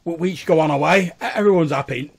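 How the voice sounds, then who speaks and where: A man voicing a frightened male drug runner in a tabletop game, stammering and pleading in rushed bursts. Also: a little high, fairly even intonation, vocal fry, fairly bright tone, voice pushed up. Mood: panicky.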